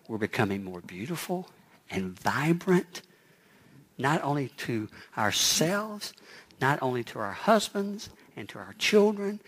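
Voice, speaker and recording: Lively male preacher delivering a sermon. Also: mid-range voice. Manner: lively preaching, acts out quoted voices. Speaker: pastor.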